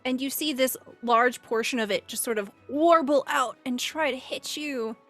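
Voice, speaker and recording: Casual woman game master, fairly high voice. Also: moderate pace, a bit bright, faint music behind. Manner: casual narration with fillers. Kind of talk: narrating a tabletop game.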